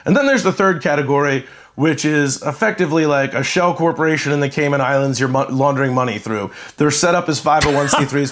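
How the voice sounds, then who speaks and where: A man talking through college sports business in a measured, explanatory way, with frequent fillers and restarts. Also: on the high side. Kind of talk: conversational sports talk.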